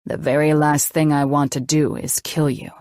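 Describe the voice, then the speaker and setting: A calm male doctor, gentle but in command, played by a woman narrator. He speaks softly and steadily, lowered in pitch, reassuring even in a crisis. The recording is dry and close. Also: normal speed, no echo.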